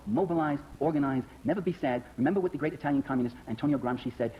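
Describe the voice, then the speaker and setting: A man giving a lecture to an audience in a hall, telling stories in an animated, emphatic way, then taking questions. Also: medium pitch, very fast, hardly any pauses. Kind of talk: public speech with questions. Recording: dull lo-fi recording with faint hiss.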